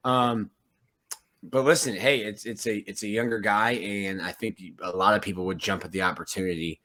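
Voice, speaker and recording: A man, a sports reporter co-hosting a podcast, talking through his points in a measured, analytical way. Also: lowish voice, fairly even intonation, sharp tone. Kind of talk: casual sports podcast chat.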